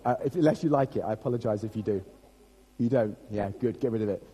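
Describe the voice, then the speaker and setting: Chatty British pastor, mellow husky voice. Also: male voice, on the low side, fast, rough recording. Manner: chatty, self-deprecating, jokes with the congregation. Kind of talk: sermon.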